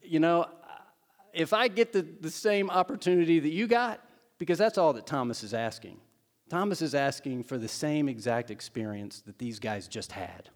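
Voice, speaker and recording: A man's voice: on the high side, animated, moderate pace. A pastor preaching a sermon in a conversational, storytelling way, acting out the words of the people in his stories. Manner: conversational storytelling, acts out quotes.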